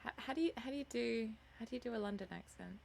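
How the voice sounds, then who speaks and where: A woman's voice: a little high, quick pace, vocal fry, a little hiss or hum. A sleepy woman streamer chatting casually with her viewers in a rambling, self-mocking way before reading a novel aloud.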